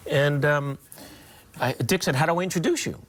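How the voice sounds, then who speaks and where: A man in his sixties, a comedian and guest, telling stories in an interview, animated and slipping into impressions. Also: on the high side, normal speed. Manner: animated, breaks into impressions and laughter. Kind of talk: storytelling in a talk show interview.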